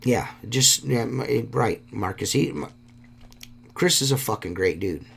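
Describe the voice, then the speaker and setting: A man's voice: medium pitch, expressive, unhurried, vocal fry, a little hiss or hum. A man hosting a solo podcast, talking in a rambling, heartfelt way and swearing often. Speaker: podcast host.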